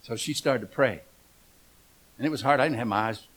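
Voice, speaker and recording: A man's voice: medium pitch, brisk, a bit bright. A middle-aged man preaching a humorous storytelling sermon, folksy and joking, asking the congregation questions.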